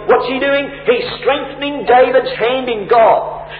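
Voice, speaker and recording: A man preaching with emphatic delivery. His voice sits high and rings through a big reverberant hall. The recording sounds thin and tinny, like a phone line. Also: normal speed, hardly any pauses, faint music behind. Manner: emphatic, rising and falling preaching delivery with rhetorical questions. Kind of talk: sermon.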